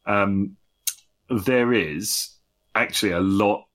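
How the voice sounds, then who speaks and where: A man's voice: fairly low pitch, takes it slowly, fairly bright tone. A man co-hosting a casual podcast, teasing his co-host with crude, joking banter.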